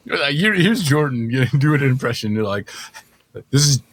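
A man's voice: medium pitch, sing-song, brisk, fairly bright tone, no echo. A man co-hosting a comedic chat, joking around and laughing often. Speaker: co-host. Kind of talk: comedic banter.

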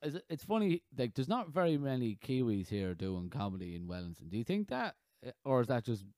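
A man in his thirties hosting a podcast in casual chat, rambling and halting with frequent restarts. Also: medium pitch, sing-song, darkish tone, no echo. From Ireland. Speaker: podcast host.

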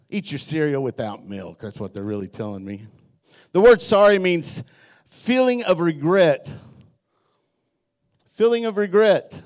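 A man's voice: mid-range voice, a little mellow. A middle-aged man preaching a sermon as pastor in a church, joking and telling stories while acting out the voices he quotes.

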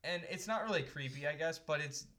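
Halting young man, bright voice. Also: fairly high pitch. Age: young adult. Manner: halting, trails off and restarts often. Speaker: podcast co-host. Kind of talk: casual chat.

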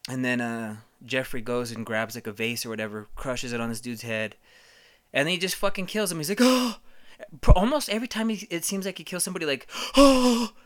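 Man, bright tense voice, casual, rambling, crude, comedic. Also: medium pitch, quick pace. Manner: rambling, crude, swears a lot.

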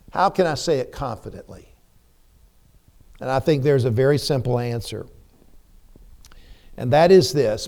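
A man preaches slowly and deliberately in a church service. His voice sits a little higher than most men's. He drives his points home with repeated phrases and pointed rhetorical questions, swelling and dropping in intensity. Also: lively intonation. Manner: emphatic, repetitive rhetorical questions, rising and falling intensity. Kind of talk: sermon. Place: church sanctuary.

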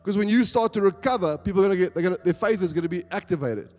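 A man's voice: high voice, rapid-fire, warm tone. A man with a South African accent, preaching a sermon to a church congregation and building to emphatic calls for agreement. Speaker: pastor. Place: church hall. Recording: long church hall reverb with faint music.

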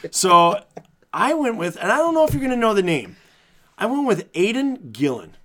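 A man's voice: high-pitched, moderate pace. A man chatting casually and playfully about movie casting, with jokes and bursts of enthusiasm. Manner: animated, playful, jokey. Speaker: podcast co-host.

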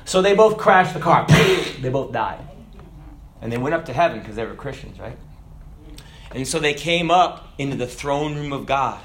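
A man preaching a sermon, telling jokes and stories, with sudden shouted lines. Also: mid-range voice, expressive, moderate pace, a little hiss or hum. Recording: echoey room.

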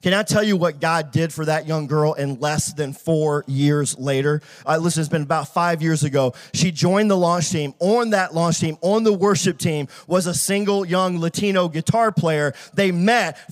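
A middle-aged man pastor preaching a sermon, telling a story and rising to shouted praise. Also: fairly high pitch, normal speed, hardly any pauses.

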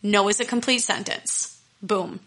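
A woman's voice: mid-range voice, steady tone, measured pace, fairly bright tone. A young adult woman life coach talking casually to her listeners, candid and fired-up, swearing freely as she gives advice. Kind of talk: casual solo talk to listeners.

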